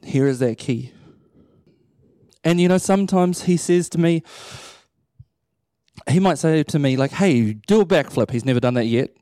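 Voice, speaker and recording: Man preaching, playful and animated. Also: on the high side, moderate pace, pauses often, clear, resonant tone, no echo, studio quality. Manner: animated storytelling with playful humor. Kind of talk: sermon. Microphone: handheld or stage microphone.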